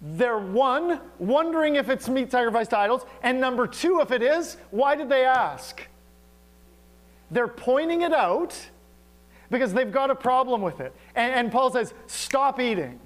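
High-voiced man preaching a lively sermon. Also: normal speed. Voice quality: animated, humorous storytelling with acted-out dialogue. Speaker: pastor.

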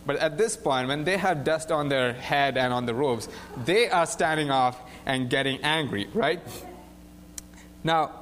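A young man preaching in a casual, animated storytelling way, often saying "like" and "right?". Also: on the high side, measured pace. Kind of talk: casual sermon retelling a Bible story.

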